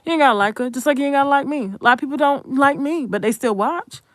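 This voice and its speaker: A woman's voice: high voice, quick pace, no echo, clean studio sound. A woman, hosting an unscripted commentary monologue in a blunt, profane, emphatic way and talking straight to viewers. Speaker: commentary channel host.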